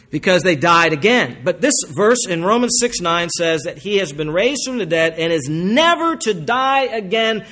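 A high-voiced pastor delivers a sermon with emphasis, drawing out important phrases. He alternates between forceful passages and quieter ones.

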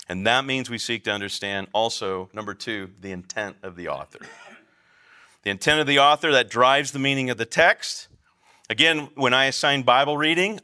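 A man's voice: medium pitch, bright, forceful tone, clear, resonant tone. A man teaching a class on biblical counseling, lecturing in an emphatic, conversational way and asking the room questions.

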